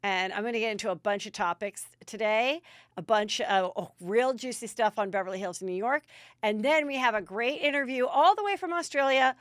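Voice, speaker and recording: A middle-aged woman hosting a gossip podcast, chatty and animated, talking into a studio microphone. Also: fairly high pitch, fairly quick, no room sound. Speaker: podcast host.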